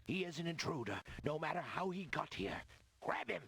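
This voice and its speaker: Gravelly druid guard, curt and bossy, kinda high voice. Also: male voice, sing-song, moderate pace. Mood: hostile. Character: gruff hostile male druid guard.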